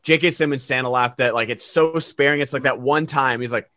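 A man's voice: mid-range voice, fairly quick, hardly any pauses, bright, forceful tone, dry recording, clean studio sound. A man co-hosting a podcast, gushing enthusiastically in casual movie chat over a remote call and acting out quoted lines. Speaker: podcast co-host.

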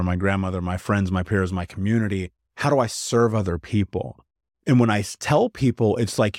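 A man's voice: lowish voice, darkish tone, dry recording, studio quality. A man who is a podcast guest, telling personal stories in a frank, casual way, often saying "like" and repeating words for emphasis. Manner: frank, conversational, peppered with "like"; emphatic repetition. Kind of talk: candid personal storytelling interview.

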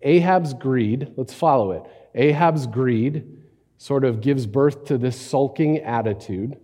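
Mellow-voiced pastor in a reverberant hall. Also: male voice, medium pitch, takes it slowly. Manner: conversational, animated storytelling with rhetorical asides. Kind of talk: sermon.

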